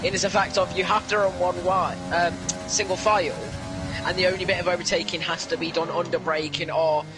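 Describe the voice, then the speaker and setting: High-voiced co-commentator. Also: male voice, flat delivery, brisk. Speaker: co-commentator and driver. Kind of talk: sim racing commentary. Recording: music bed underneath.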